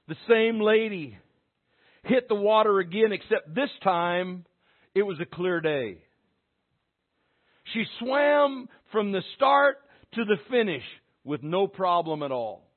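A man with a very high voice preaches to his congregation, and his words come through a thin, phone-like sound. He swings from quiet, intimate asides to loud, fervent exhortation. The delivery is that of an impassioned pastor. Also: expressive, slow pace, long pauses. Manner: impassioned, swinging from hushed to shouting. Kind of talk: sermon.

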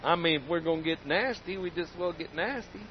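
A man's voice: on the high side, fairly quick, lo-fi sound, a little hiss or hum. A man preaching a sermon in an emphatic, folksy way, repeating key phrases for weight. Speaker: pastor.

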